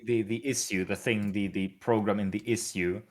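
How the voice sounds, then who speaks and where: A man's voice: lowish voice, normal speed. A man with a Northern English accent, chatting casually and rambling on while he streams his compiler work. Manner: rambling, animated explainer. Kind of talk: casual live-stream chat.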